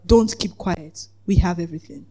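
A preacher giving a lively sermon, acting out the voices in the story, laughing often and asking the congregation whether they follow. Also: medium pitch, moderate pace. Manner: asks the congregation "Are we together?".

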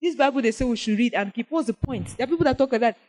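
High-voiced woman preaching with rising fervor. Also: rough recording. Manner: reads scripture slowly, then preaches with rising, animated emphasis. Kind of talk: sermon.

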